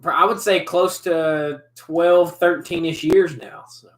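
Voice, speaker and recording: A man's voice: a little high, fairly even intonation, takes it slowly. A man in his twenties chatting casually over drinks in a laid-back way, laughing often. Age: 20s. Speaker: host. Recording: echoey room.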